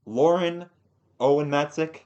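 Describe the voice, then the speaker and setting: A man's voice: on the high side, a little slow, darkish tone, muffled recording. A young adult man hosting a casual podcast chat, rambling with lots of fillers and casual swearing. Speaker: podcast host.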